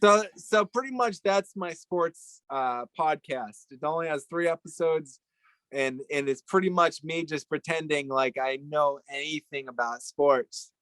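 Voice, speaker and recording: A man's voice: on the high side, a little slow, fairly bright tone, dry recording, poor audio. A man chatting casually in a rambling, joking way, often searching for words. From Italian heritage. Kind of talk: casual chat.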